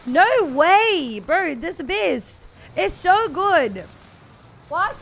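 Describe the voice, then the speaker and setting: A woman streaming a shooter game, chatting casually with her viewers and teammates, excitable and laughing often. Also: extremely high pitch, slow, creaky.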